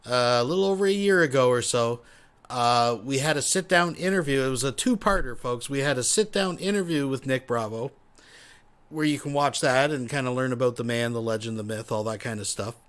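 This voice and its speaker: A man's voice: mid-range voice, brisk, a bit bright. A man hosting a livestream, giving wry, casual commentary and addressing viewers as folks. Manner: wry, says "folks" often. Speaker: livestream host.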